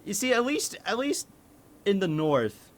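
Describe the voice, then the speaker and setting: A man from Maine chats casually on his stream, cursing freely and laughing through his rants. His slightly raised voice swings widely in pitch, snapping into sudden disbelieving yelps. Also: very animated, unhurried. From Maine, United States. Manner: profane, blunt and laughing often; exclamatory, with sudden incredulous outbursts. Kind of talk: casual reaction commentary.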